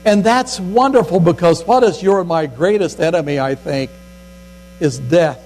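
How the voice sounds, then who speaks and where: An older man delivers a sermon in a high, folksy voice and acts out the scripture quotes. A faint mains hum runs under the recording. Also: normal speed, a little mellow, rough recording. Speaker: pastor.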